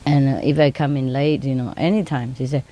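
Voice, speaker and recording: A woman telling casual stories in simple, broken English, laughing often and mimicking her birds in high sing-song tones. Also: steady tone, a little fast, dark tone. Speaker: speaker telling stories about her pets. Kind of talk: casual storytelling.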